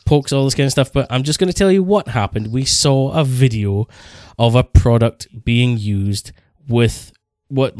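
A man co-hosting a chatty podcast, rambling through his stories with quick self-corrections. His voice sits at a middling pitch, and the room is dry and close. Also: a little mellow, clean tone, no room sound. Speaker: podcast co-host. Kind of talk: casual podcast chat.

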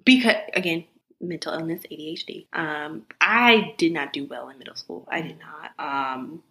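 A woman's voice: deep voice, moderate pace, fairly bright tone, low-quality recording. A young woman co-hosting a casual chat, telling candid, profane stories with lots of fillers. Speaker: podcast co-host.

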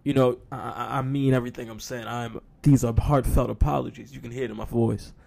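Gravelly man, sarcastic sports talk. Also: medium pitch, fairly even intonation, fairly quick, warm tone. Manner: sarcastic, mock-apologetic, uses y'all. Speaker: sports show host. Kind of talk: casual sports commentary.

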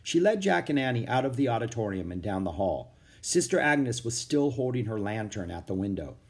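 A man reading a children's chapter book aloud in steady storytelling narration. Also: fairly low pitch, a little fast. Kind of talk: audiobook narration.

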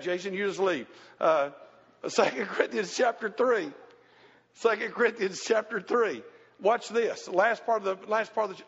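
A man's voice: high-pitched, gravelly, fairly bright tone. A middle-aged man preaching a sermon to a congregation, folksy and emphatic, repeating his phrases for weight. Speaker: pastor. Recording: dull lo-fi sound in a reverberant hall.

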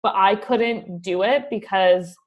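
A young woman co-hosting a podcast, chatting in a relaxed, teasing way and steering the talk. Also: medium pitch, slow, lo-fi sound. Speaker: podcast co-host. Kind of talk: casual chat.

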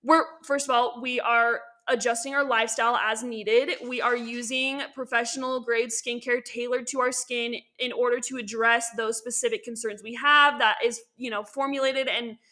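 A woman's voice: a little high, steady tone, normal speed, hardly any pauses, bright, forceful tone. A young woman hosting a casual skincare podcast, chatty and upbeat, with many fillers and self-corrections. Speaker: podcast host and esthetician. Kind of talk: casual educational podcast talk.

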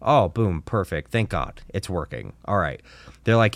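A man tells a story on a casual podcast with a low-pitched voice. He tells it in an animated way, acts out each side of the dialogue and swears freely. The sound is dry and close. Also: moderate pace, no room sound. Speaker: podcast co-host.

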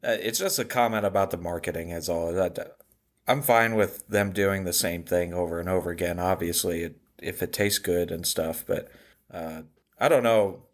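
A man's voice: low voice, normal speed. A man on a casual podcast, thinking aloud in a hesitant way. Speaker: podcast co-host.

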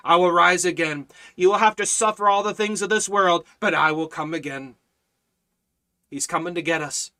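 A man teaching a Bible study in a fervent preaching style, repeating phrases in a steady cadence. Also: sits high, normal speed.

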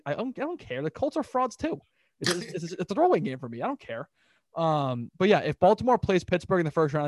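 Young male sports podcast host, brisk and lively, slightly higher voice, dry close sound, off-the-cuff. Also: no echo. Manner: animated, rambling, quick recaps of scores. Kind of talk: casual sports talk.

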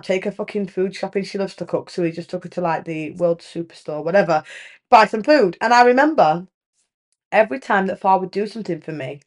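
A woman, hosting a podcast and talking frankly about her marriage, swearing freely and telling stories with lots of energy. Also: mid-range voice. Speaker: podcast host. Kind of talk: candid casual chat.

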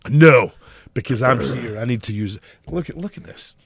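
A man's voice: medium pitch, lively intonation, brisk, fairly bright tone, breathy edge. A man with a Scottish accent, co-hosting a podcast in casual chat, rambling and swearing freely as he tells his stories. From Scotland. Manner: rambling, profane storytelling. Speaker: podcast co-host.

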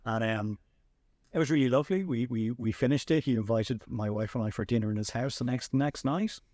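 A man's voice: mid-range voice, a little fast, no echo, clean studio sound. Chatty man telling a story. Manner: chatty, animated anecdotes with frequent restarts. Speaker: podcast host. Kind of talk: casual storytelling chat.

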